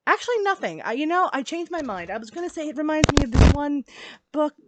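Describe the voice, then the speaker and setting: A woman chatting about her favorite books in a casual review vlog, gushing with excitement, laughing often and swearing casually. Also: sits high, fast. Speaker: book reviewer.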